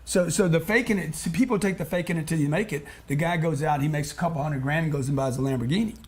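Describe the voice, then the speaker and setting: A man's voice: a little high, fast talker, a little mellow, slightly rough. Blunt, teasing male interview host. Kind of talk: casual interview chat.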